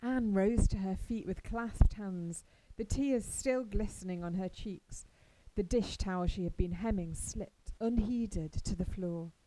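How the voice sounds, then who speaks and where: A woman narrating a classic story in a measured, expressive storytelling manner. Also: medium pitch, poor audio. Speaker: audiobook narrator. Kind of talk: scripted narration.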